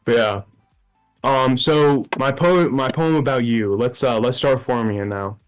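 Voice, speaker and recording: A man's voice: medium pitch, slow, faint music behind. A young man chatting on a stream over a video call, awkward and self-mocking, laughing often. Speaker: contestant on a dating stream. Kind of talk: casual stream chat.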